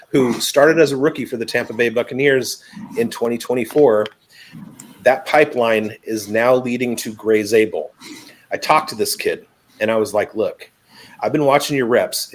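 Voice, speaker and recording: A man in easy podcast conversation, mid-pitched and lively. He tells stories with energy, acting out his own side of the conversations he recounts. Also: rough recording. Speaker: fantasy football analyst. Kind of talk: casual podcast chat.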